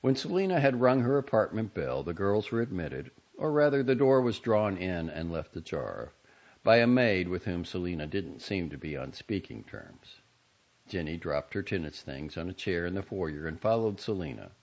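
A man reading a story aloud as narrator, with lively, expressive storytelling. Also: sits low, moderate pace. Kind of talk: audiobook reading. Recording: dull lo-fi recording.

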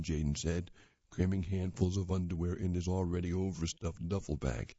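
A man with a low, husky, mellow voice reads a magazine story aloud at a plain, unhurried pace. The recording is dull and lo-fi, and the room is dry. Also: steady tone, no echo. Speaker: reader.

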